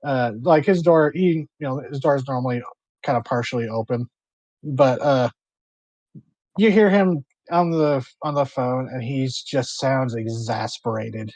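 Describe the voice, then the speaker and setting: A man's voice: mid-range voice, measured pace, darkish tone, no echo. A man working as game master and narrating a tabletop role-play game, rambling with fillers and restarts.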